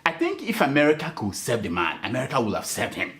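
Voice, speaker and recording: A man's voice: mid-range voice, wildly swooping pitch, fast, noisy background. A man hosting a satirical late-night comedy show, laughing and mock-pompous as he talks.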